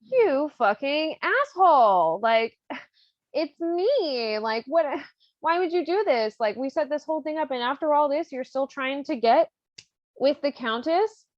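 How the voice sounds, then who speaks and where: A furious young maid, voiced by a woman who is shrill and outraged. She talks well above the performer's normal pitch and louder. The recording is dry and slightly dull. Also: expressive, unhurried, dry recording.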